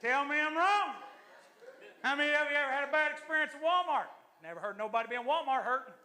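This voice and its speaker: A man, an assistant pastor, preaching a lively, joking sermon to his church congregation. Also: very high-pitched, fairly quick.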